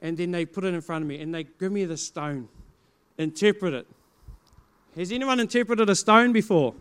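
A middle-aged male pastor with a New Zealand accent tells his congregation a story. He acts out both sides of each conversation and now and then breaks into loud exclamations. His voice sits high and rings smooth and clear. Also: normal speed. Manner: animated storytelling, acting out dialogue, bursts of loud exclamation. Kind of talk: preaching testimony to a congregation.

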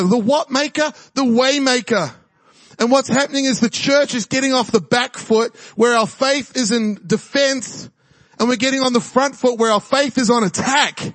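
A man from New Zealand with a very high, somewhat bright voice preaches a charismatic sermon, recorded with no room sound amid a church service with music behind. Fervent and exhorting, he urges the crowd on and prays in tongues during the altar call.

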